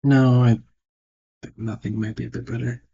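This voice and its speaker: A man's voice: mid-range voice, flat delivery, normal speed, creaky, warm tone, dull audio, a little hiss or hum. A man thinking aloud and judging his own work as he draws, in casual narration. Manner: muttered, self-critical thinking aloud. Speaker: digital artist. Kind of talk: casual narration while drawing.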